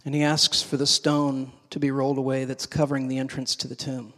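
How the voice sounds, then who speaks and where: A man preaching a sermon, moving between hushed, slow passages and emphatic, raised ones. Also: medium pitch, little pitch movement. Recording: long hall reverb.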